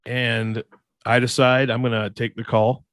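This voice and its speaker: A man's voice: mid-range voice, little pitch movement, unhurried, a bit bright, no room sound. A man co-hosting a podcast, telling a rambling story in a casual way and laughing along. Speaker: podcast co-host.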